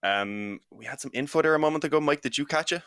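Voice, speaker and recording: Male esports caster talking fast, bright sharp voice, dry close sound, chatty pre-game banter. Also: fairly high pitch, clean tone, no echo. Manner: chatty and quick, laughs between points. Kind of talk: pre-match esports commentary.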